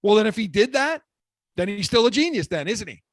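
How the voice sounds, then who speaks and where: A man's voice: high voice, very animated, a little fast, dry recording. A man hosting sports talk radio, ranting with heat and repeating words as he gets worked up.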